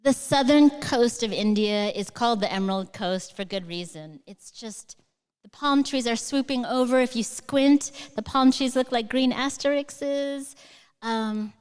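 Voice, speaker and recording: Middle-aged woman, enthusiastic rambling storyteller, higher voice, smooth and clear, on stage in a hall with long reverb. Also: unhurried, darkish tone. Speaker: guest author. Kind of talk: onstage conversation with audience. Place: large hall before a live audience.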